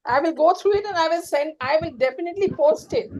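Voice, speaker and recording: A woman's voice: very high-pitched, fast talker, darkish tone, slight background noise, low-quality recording. A woman, a student on a video call, pressing her teacher with persistent questions.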